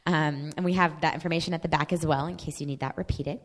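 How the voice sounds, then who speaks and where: A woman organizer giving polite, measured announcements to a congregation. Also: sits low, fairly even intonation. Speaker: event organizer. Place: mosque prayer hall. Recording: long hall reverb.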